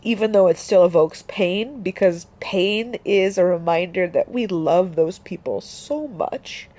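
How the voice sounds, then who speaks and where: A young woman talking about her grief in a personal vlog, halting, with many restarts and fillers. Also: lowish voice, dark tone. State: grieving, voice dropping soft. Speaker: vlogger.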